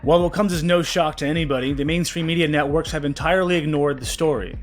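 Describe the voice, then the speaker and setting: A man hosting a commentary vlog, talking with raw anger and swearing, his voice dropping low when upset. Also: fairly even intonation, quick pace, soft background music. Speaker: political commentary vlogger.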